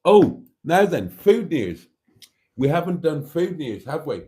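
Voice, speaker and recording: A man chatting warmly with viewers on his live stream, camp and talkative, laughing often and calling them darlings. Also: fairly high pitch, very animated, slow.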